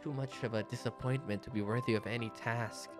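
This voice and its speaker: A man's voice: medium pitch, steady tone, brisk, music in the background, lightly acted. A man reading as a shy, anxious schoolgirl. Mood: dejected. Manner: soft, hesitant, self-doubting. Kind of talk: reading a visual novel aloud.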